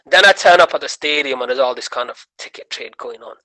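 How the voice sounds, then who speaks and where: A comedian appearing as a guest on a podcast tells a story in an animated way, doing the voices of the people involved. His voice is medium-pitched and fast, and the recording quality is low.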